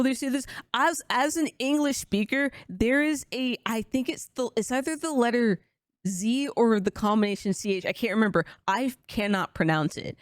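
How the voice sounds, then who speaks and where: A woman's voice: fairly high pitch, dry recording, studio quality. A woman co-hosting a casual podcast, talking bluntly and emphatically with frequent swearing. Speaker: podcast co-host.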